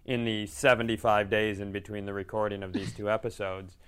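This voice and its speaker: A man's voice: fairly low pitch, little pitch movement, fairly quick, clean tone. A man hosting a podcast, riffing with jokes in casual chat. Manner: riffing, joking tangents. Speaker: podcast host.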